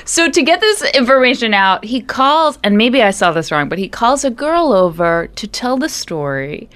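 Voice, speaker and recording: A woman with a high voice that moves a lot as she talks, co-hosting a casual comedy chat. She asks curious questions and laughs easily. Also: very animated, moderate pace, fairly bright tone. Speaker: podcast co-host.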